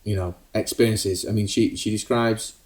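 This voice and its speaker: Hesitant low-voiced man. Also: fairly even intonation, normal speed, darkish tone. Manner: hesitant, many ums and restarts. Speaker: podcast co-host. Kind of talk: casual podcast chat.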